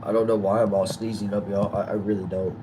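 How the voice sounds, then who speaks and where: A man with a fairly low voice talks in an easygoing, slangy way, calling his viewers y'all and bro. He chats with them and reads their comments aloud. A faint hum of background noise sits under his voice. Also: flat delivery, fast talker. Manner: laid-back slangy talk, addresses viewers as y'all and bro. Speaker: streamer reading chat. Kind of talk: casual live chat.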